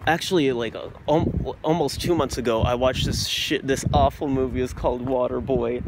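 A man's voice: medium pitch, fairly even intonation, normal speed, few pauses, background noise. A young man vlogging while walking outdoors at night, rambling in a goofy, profane way into a phone camera. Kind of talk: rambling casual monologue.

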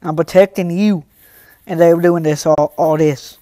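Teen boy livestreamer, high and smooth, dry close sound, chats straight to viewers and flares up fast. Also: fairly even intonation, dark tone, dry recording. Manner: talks straight to chat, quick to anger, protective. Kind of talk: casual livestream chat.

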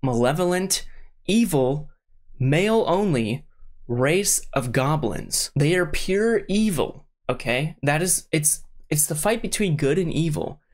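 A man's voice: on the high side, expressive, takes it slowly. A young man giving a casual, rambling rant to camera, full of fillers and restarts, getting worked up as he goes. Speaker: vlogger, show reviewer.

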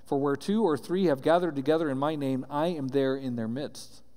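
A man's voice: mid-range voice, normal speed, warm tone. A man preaching a sermon as pastor, reading scripture aloud and explaining it earnestly, often checking in with "right?". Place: church sanctuary. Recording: roomy church hall reverb.

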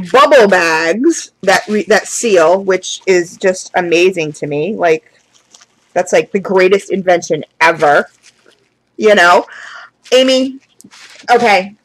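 A woman vlogging an unboxing in a casual, chatty way, gushing with excitement, calling her viewers "guys" and sounding close to tears with gratitude. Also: fairly low pitch, low-quality recording. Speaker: candle and wax hobby vlogger.

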